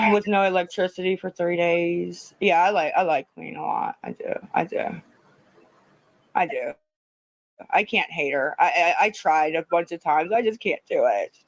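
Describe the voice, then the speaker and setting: A woman's voice: on the low side, animated, measured pace, dry recording, poor audio. A woman chatting casually on a livestream, rambling, repeating herself and swearing freely. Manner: rambling, profane, repetitive.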